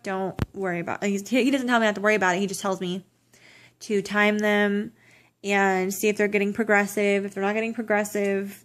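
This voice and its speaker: A woman's voice: medium pitch, a little hiss or hum. A young woman giving a casual pregnancy update to her camera, rambling with restarts and self-corrections, sounding tired. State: tearful at times, exhausted. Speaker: vlogger.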